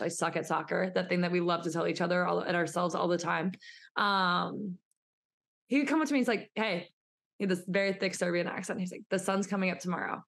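A woman's voice: fairly low pitch, fairly bright tone. A young woman co-hosting a sports podcast, telling candid, self-mocking stories in a chatty way. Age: young adult. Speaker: podcast co-host. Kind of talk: casual podcast chat.

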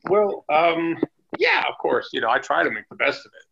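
A man, a former wrestler, telling chatty, animated anecdotes as a guest on a podcast interview. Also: a little high, normal speed, vocal fry, lo-fi sound, background noise. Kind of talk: casual storytelling interview.

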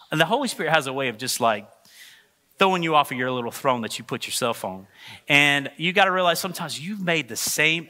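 Bright, animated pastor man. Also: a little high. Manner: animated storytelling, acts out voices. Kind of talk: sermon with personal story.

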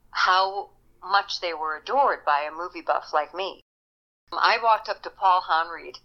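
An older actress reminiscing in an interview, animated and quick to laugh. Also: female voice, fairly low pitch, dull audio. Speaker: actress guest. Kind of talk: interview storytelling.

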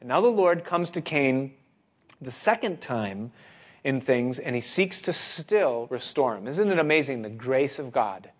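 A man preaching a sermon, speaking expressively with dramatic pauses and rising emphasis. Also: mid-range voice, expressive.

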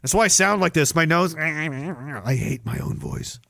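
A man's voice: a little high, animated, measured pace, creaky, a bit bright, no echo. A man hosting a livestream, ranting sarcastically and profanely while reading viewer comments aloud. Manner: profane, sarcastic, acts out mocking voices. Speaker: livestream host.

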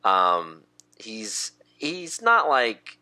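A man narrating a tabletop game as game master in a relaxed, laughing way. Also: lowish voice, drawn-out words.

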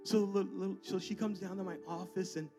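A male pastor telling a personal story in a church sermon, swinging emotionally between soft asides and loud declarations. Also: high voice, steady tone, fast, over music.

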